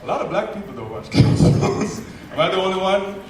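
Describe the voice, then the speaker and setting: A man's voice: high-pitched, fairly quick, slight background noise. A young man from Jamaica with a Jamaican accent, telling stand-up stories and acting out the voices. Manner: animated storytelling, acts out voices, swings loud and soft. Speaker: stand-up comedian. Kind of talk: stand-up comedy set. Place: comedy club stage. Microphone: handheld stage mic. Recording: echoey club from far off.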